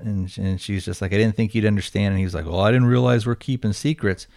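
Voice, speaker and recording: A man's voice: lowish voice, steady tone, a little fast, hardly any pauses, darkish tone. A male podcast host casually recapping a film's plot, rambling and leaning on fillers. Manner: rambling, heavy on fillers and hedging words. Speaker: podcast host reviewing a film.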